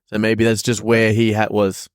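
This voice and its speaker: Man, lowish voice, dry sound, relaxed co-host who asks questions. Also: normal speed, clear, resonant tone, no room sound. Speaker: podcast co-host. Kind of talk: casual chat.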